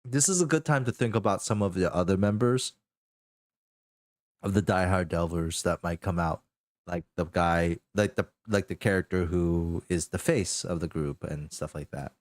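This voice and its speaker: A man's voice: low voice, moderate pace, dry recording, clean studio sound. A man narrating a tabletop game as game master, rambling with lots of fillers.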